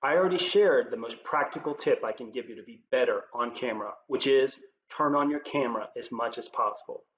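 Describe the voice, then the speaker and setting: A man presenting as a leadership coach, giving scripted tips to camera in a clear, upbeat presenter manner. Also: medium pitch, brisk, hardly any pauses, fairly bright tone. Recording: roomy, slightly dull with faint noise.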